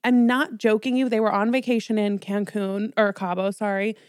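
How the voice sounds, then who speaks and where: A woman's voice: medium pitch, flat delivery, a little mellow, clear, resonant tone, no room sound, studio quality. A woman co-hosting a podcast, telling stories in a chatty, casual way. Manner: chatty, storytelling, quick asides. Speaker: podcast co-host. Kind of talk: casual chat.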